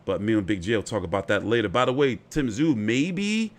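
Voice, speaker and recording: A man's voice: fairly low pitch, animated, fairly quick. A man hosting a boxing channel, talking through fight news in a loose, chatty way, swearing freely and filling with "like" and "you know.". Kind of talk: casual fight commentary.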